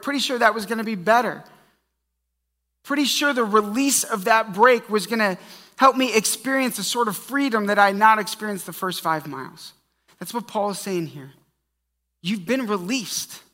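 Bright-voiced male pastor in a reverberant hall. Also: high-pitched. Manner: conversational storytelling preaching with humor. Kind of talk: sermon.

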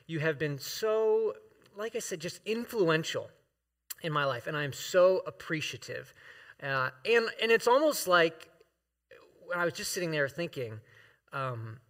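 Man preaching with a bright voice. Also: on the high side, animated, a little slow. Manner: heartfelt, emotional, with many fillers and restarts; reads scripture aloud to the congregation. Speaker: guest preacher. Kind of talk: sermon. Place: church sanctuary.

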